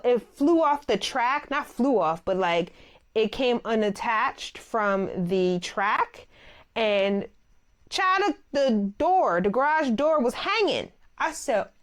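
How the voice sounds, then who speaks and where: Animated woman telling a story. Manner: animated, expressive, swoops high when quoting others; calls listeners child and baby. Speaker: podcast host and dog groomer. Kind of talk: casual storytelling.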